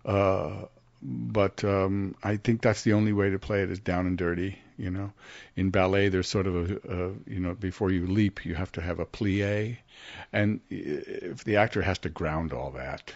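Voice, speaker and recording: An older man, a guest actor, telling stories in a casual interview and acting out the quotes with big jumps in pitch. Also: fairly even intonation, moderate pace, creaky, dry recording. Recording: dry, slightly muffled studio audio.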